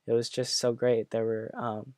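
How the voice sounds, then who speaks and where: Earnest young man, flat halting voice. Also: medium pitch, no echo. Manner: halting, full of fillers and restarts, earnest. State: choked up. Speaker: former classmate sharing memories. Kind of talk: personal reflective talk.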